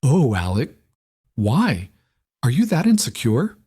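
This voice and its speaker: A man's voice: medium pitch, big pitch swings, takes it slowly, mellow, husky, no echo, clean studio sound, voice pushed up, exaggerated voice. A man voicing an exasperated adult woman who fires pointed, incredulous questions at her husband in an audiobook. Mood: hurt. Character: sharp-tongued wife, adult woman, exasperated.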